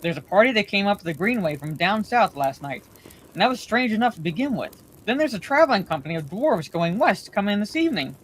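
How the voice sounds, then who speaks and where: A woman voicing a fat, bustling middle-aged male innkeeper who talks on and on, hurried and forgetful, in a storybook reading. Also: mid-range voice, very animated, a little hiss or hum, natural voice. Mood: flustered.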